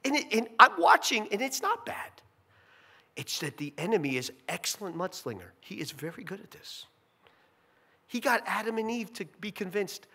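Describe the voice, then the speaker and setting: A male pastor preaching a sermon in an animated, conversational way with jokey asides. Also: high-pitched, moderate pace, husky.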